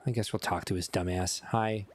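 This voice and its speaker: A man's voice: lowish voice, fairly even intonation, moderate pace. A man with a Chicago accent, a bit tipsy from whiskey, rambling casually and poking fun at himself as he chats with viewers during a livestream. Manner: rambling, self-mocking, talks to chat. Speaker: streamer. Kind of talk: casual game livestream chat.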